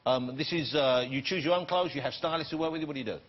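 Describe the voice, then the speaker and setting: A middle-aged man hosting a talk show, playful and jokey, teasing his guest. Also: fairly high pitch. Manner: playful, jokey, quick, often laughing. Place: TV studio with live audience. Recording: dull TV sound with loud studio audience.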